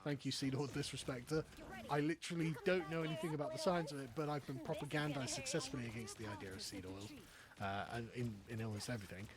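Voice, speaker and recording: A man's voice: mid-range voice, steady tone, fast talker, a loud crowd. A man with an English accent, giving a profane, sarcastic political rant on a live stream. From England. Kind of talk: ranting political commentary.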